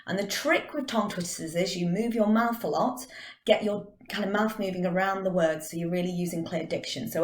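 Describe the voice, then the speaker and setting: A middle-aged woman teaching drama, leading a vocal warm-up with clear, encouraging instructions. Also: on the low side, normal speed. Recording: echoey room.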